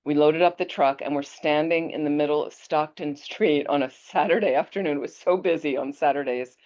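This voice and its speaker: Woman Buddhist teacher, deep voice, lively storyteller, muffled lo-fi audio. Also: a little fast. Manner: animated storyteller, chatty with restarts. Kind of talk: teaching talk with personal anecdote. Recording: dull lo-fi audio.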